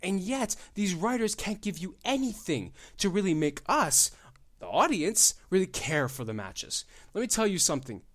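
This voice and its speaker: Animated ranting man, lively pitch. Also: normal speed. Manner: animated, ranting, emphatic repetition. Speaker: podcast host. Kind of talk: solo wrestling commentary podcast.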